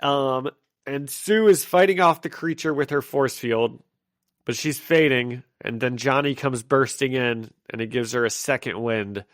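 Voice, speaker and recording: A man's voice: medium pitch, measured pace. Chatty laughing podcast co-host man. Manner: chatty, laughs often, hedging restarts. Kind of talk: casual comic recap chat.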